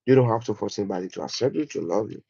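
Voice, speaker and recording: A man with a French accent gives a motivational livestream talk, pressing his points emphatically and repeating them. His voice sits low. The sound is dull and dry, like a lo-fi home setup. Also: lively intonation, racing, vocal fry, warm tone, slightly rough, dry recording. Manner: emphatic, repetitive, addresses viewers as guys. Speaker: livestream host.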